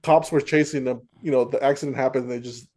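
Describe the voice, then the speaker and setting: A man's voice: medium pitch, steady tone, fast talker, a little mellow. A young man co-hosting a podcast, telling a clip story in a rambling, easygoing way. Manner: rambling, restarts a lot, laughs along. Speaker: podcast co-host. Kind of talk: casual podcast chat.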